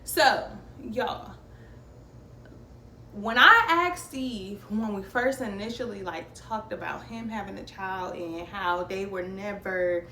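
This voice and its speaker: A young woman from New Jersey telling a personal story to her viewers in a chatty, animated way, often calling them y'all. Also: mid-range voice, slow, roomy sound, recorded from a distance. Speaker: vlogger. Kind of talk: storytime vlog.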